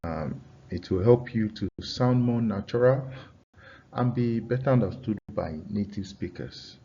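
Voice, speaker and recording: A man teaching an English pronunciation lesson, dictating deliberately and repeating key phrases so students can take notes. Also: on the low side, dark tone, a little hiss or hum. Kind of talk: classroom-style dictated lesson. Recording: slightly dull lo-fi recording.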